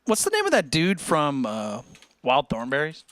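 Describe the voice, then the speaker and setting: A man's voice: on the high side, huge pitch swings, normal speed, a bit bright, slight background noise. A man streaming, chatting casually and joking around with lots of laughs. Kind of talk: casual chat.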